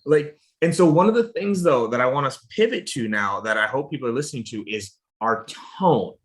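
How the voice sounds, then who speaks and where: A man's voice: mid-range voice, lively intonation, brisk. A man hosting a sales podcast who talks emphatically and speaks directly to the listeners. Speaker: podcast host. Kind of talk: conversational podcast interview.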